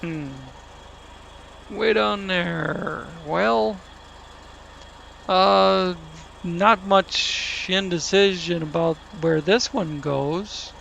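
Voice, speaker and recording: Slow-talking gravelly man commenting on gameplay. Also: high voice, slight background noise. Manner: wry, talks to the game and mutters to himself. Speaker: gaming commentator. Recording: loud truck engine game audio.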